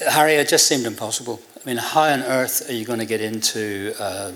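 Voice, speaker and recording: An older Irishman telling a story to a room, lively and amused, slipping into other people's voices as he quotes them. His pitch sits in an ordinary middle range for a man. His telling is relaxed and full of chuckles. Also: brisk, a little hiss or hum. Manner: animated, acts out quoted voices with a laugh in his voice. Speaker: interview guest. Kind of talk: anecdotal storytelling before an audience.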